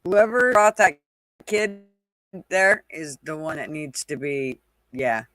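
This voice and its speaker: A woman's voice: low voice, lively intonation, slow, fairly bright tone, no room sound, clean studio sound. A woman from the American South hosting a casual livestream chat, blunt, profane and teasing with her viewers. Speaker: livestream host.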